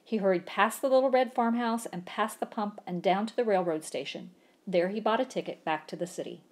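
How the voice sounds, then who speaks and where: A woman's voice: medium pitch, a little fast. A woman reading a children's storybook aloud, acting out the sound effects with gusto. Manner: animated, acts out sound effects.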